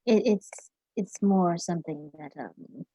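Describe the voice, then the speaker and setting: A woman's voice: lowish voice, unhurried, mellow, no echo, dull audio. A woman voicing a refined female cat aristocrat who speaks languidly and calls others darling.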